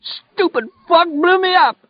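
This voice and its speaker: A man voicing a badly wounded, furious rural man who screams in a high, ragged voice. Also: unhurried, no echo, lo-fi sound. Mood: screaming rage. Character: maimed furious redneck man, shrieking.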